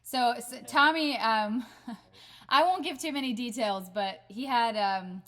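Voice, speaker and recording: A woman's voice: fairly high pitch, takes it slowly, fairly bright tone. A woman hosting her band's livestream from home, chatting casually with lots of laughs and fillers, recorded on a webcam. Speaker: band member hosting a livestream.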